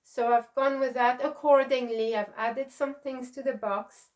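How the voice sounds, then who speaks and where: Slow-talking, gushing woman vlogger. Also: sits high, fairly even intonation. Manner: warm, gushing, emotional. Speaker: crochet channel host. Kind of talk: casual vlog chat.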